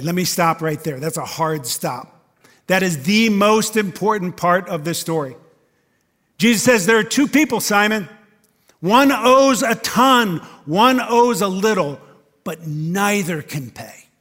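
A pastor delivering a sermon to his church in a slightly higher-than-usual male voice. He talks conversationally and leans on emphasis, often checking in with the congregation through quick rhetorical questions. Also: a bit bright, breathy edge, long reverb tail. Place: church service.

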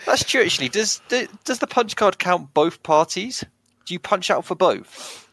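Lively, high-voiced podcast man. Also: normal speed, vocal fry, dry recording. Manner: lively, reads tips from a list. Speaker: podcast co-host. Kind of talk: casual chat.

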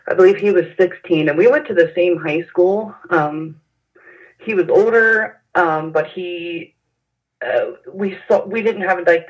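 A woman recalling events in an interview, speaking haltingly with frequent pauses and fillers. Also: fairly low pitch. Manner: hesitant, halting with many fillers. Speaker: interview guest. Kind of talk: personal recollection in an interview. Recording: dull lo-fi sound.

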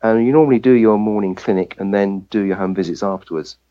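A man's voice: fairly low pitch, quick pace, warm tone, lo-fi sound. An English man, a family physician, telling a personal story as a guest in an interview, and acting out the voices he quotes. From England.

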